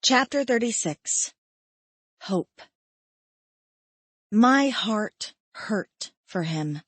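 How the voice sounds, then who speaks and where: A woman narrating a first-person romance audiobook in a soft, reflective, subdued manner. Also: mid-range voice, lively intonation, drawn-out words, breathy edge, no echo.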